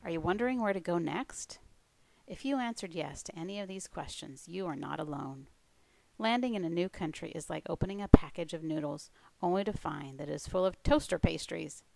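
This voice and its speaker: A woman who coaches language learners, giving a scripted presentation in a clear, steady way. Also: on the low side, brisk, no echo, low-quality recording. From United States.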